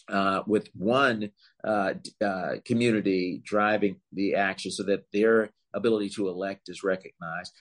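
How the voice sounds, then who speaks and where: A man giving long, measured answers as a legal expert in an interview, explaining points carefully with some fillers and emphatic rises. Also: fairly low pitch. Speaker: voting rights legal expert, guest.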